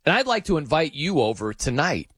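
A man's voice: fairly high pitch, sing-song, fairly quick, a bit bright, breathy edge, dry recording, full character voice. Breezy, teasing flirt , voiced by a man, dry close sound.

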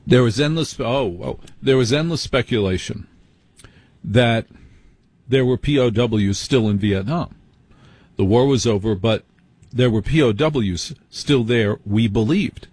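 An American man with a husky, slightly breathy voice talks through a story in a conversational, conspiratorial way. He often breaks off and restarts his sentences. The sound is dry and close, with no room around it. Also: mid-range voice, a little slow, a little mellow, dry recording. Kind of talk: casual conversation.

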